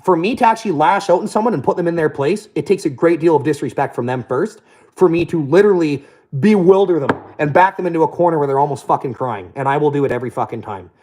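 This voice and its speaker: A man's voice: on the high side, expressive, quick pace, a little mellow. A young man telling profane, boastful stories in a casual rant.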